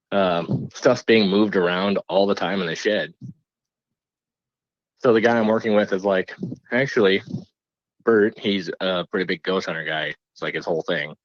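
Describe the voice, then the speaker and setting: Deep-voiced man telling a story, dry lo-fi sound. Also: dry recording. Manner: animated, laughs while telling a spooky story. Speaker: podcast host. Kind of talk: casual storytelling.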